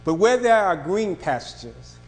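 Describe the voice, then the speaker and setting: A man preaching a sermon in a church, moving from quiet reflective passages to raised, emphatic delivery. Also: sits high, very animated, unhurried, big-room sound. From northern United States. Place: church sanctuary.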